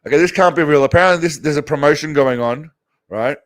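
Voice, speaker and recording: A man's voice: on the high side, fast talker, a little hiss or hum. Crude, rambling man reacting to clips. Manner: crude, rambling, heavy swearing. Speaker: host reacting to videos. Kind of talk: casual reaction commentary.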